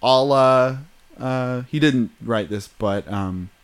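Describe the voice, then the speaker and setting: A man hosts a casual podcast with a jokey, rambling delivery. His voice sits at an everyday middle pitch. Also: slow pace, clean tone. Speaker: podcast host.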